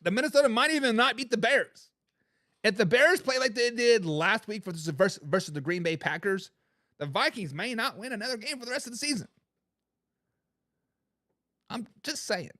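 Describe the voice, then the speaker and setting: High, animated man ranting about football. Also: normal speed, long pauses, dry recording, studio quality. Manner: mocking, trash-talking, repeats words when fired up. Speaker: sports talk show host. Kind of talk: ranting sports commentary while reading live chat comments.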